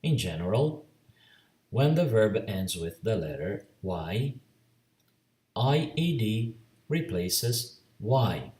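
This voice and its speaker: Slow Brazilian man teaching grammar. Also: lowish voice, big pitch swings, darkish tone, reverberant, far from the mic. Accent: Brazilian Portuguese. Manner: slow, deliberate, spells out letters and repeats rules. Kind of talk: slow bilingual grammar lesson.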